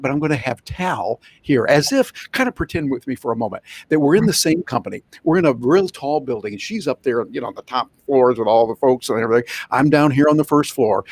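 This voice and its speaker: A man presents a live online workshop over a video call, telling it like a playful story. His pitch swings widely up and down, and the sound is close and dry with no room around it. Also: darkish tone, dry recording. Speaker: guest presenter, professional speaker.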